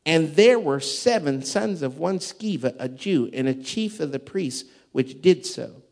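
A pastor in full storytelling mode, his voice sitting a touch higher than most men's. He delivers his sermon with emphasis and drama, swinging from loud declarations to quiet, intimate asides. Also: animated, measured pace, gravelly.

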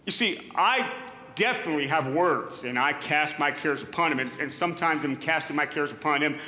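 A man's voice: on the high side, fairly quick, sharp tone. A middle-aged male pastor preaching a sermon in an earnest, emphatic way, often repeating words as he builds a point. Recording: echoey hall with long reverb.

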